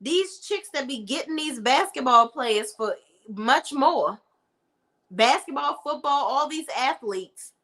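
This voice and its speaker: A young adult woman giving a casual, opinionated TV review in an animated, sassy manner, talking straight to her viewers. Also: sits high, slow. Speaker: TV show reviewer.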